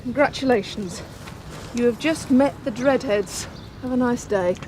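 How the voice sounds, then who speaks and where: A mocking woman, as an actress plays her, fairly high-pitched and scornful. Loud street and traffic noise surround her in this TV drama scene. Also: measured pace, natural voice. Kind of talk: TV police drama acting.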